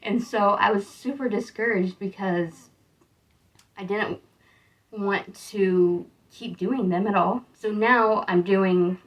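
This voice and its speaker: A woman's voice: mid-range voice, fairly even intonation, slow pace. A young American woman chatting casually in a vlog, rambling and upbeat, sounding tired. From United States. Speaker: vlogger.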